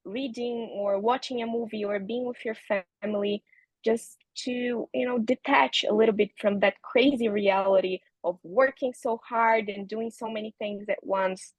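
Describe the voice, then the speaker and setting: Gentle woman giving advice. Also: a little high, steady tone, normal speed, no room sound, low-quality recording. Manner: gentle advising, many fillers like "you know". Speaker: guest, holistic nutritionist. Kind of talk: interview, advice.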